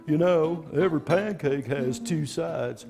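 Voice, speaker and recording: A man's voice: fairly high pitch, unhurried, gravelly, mellow, in a large hall, faint music behind. A man doing a folksy TV advice doctor. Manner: homespun, drawling sayings. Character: folksy middle-aged male TV advice doctor.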